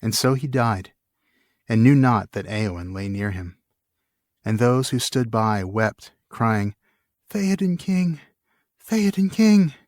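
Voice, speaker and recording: A man co-hosting a podcast, reading a book passage aloud and chatting casually. He speaks in a low, steady voice. The recording is dry and close. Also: slow pace, no room sound. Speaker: podcast co-host.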